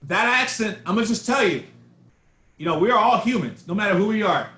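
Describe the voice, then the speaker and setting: High-voiced man coaching bass over a call. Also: expressive, brisk, pushed and bright. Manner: casual, searching, repeats words while thinking. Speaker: bass teacher. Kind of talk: online masterclass coaching. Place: home room on a video call. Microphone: video call mic. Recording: echoey room over a video call.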